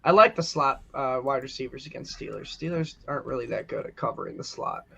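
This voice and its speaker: A man's voice: mid-range voice, fast talker, creaky, fairly bright tone, slightly rough, dull audio. A man co-hosting a podcast, chatting casually and joking, often laughing. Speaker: podcast co-host. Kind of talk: casual sports chat.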